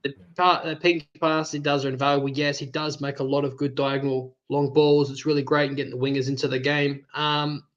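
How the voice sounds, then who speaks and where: A man with an Australian accent, co-hosting a casual fan chat, jokey and quick to laugh. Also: medium pitch, flat delivery, fairly bright tone, lo-fi sound. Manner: jokey, chatty, laughs often. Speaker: co-host.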